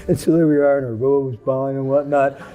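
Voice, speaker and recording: A man's voice: mid-range voice, normal speed, faint music behind. A man who is a Buddhist monk, telling stories about his teacher and acting out the people in them. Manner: animated, acts out the people in his story. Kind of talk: anecdotal storytelling.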